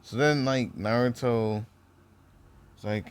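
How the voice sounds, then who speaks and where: A man's voice: mid-range voice, fairly even intonation, measured pace, darkish tone, clean tone. A young man casually retelling a fan-made ninja story, rambling with lots of fillers and restarts.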